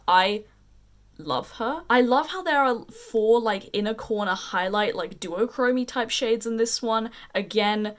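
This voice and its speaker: A young woman with an unusual mixed accent, chatting casually and gushing about makeup as a beauty vlogger. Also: mid-range voice. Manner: gushing, chatty, drawn-out emphasis. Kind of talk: casual chat.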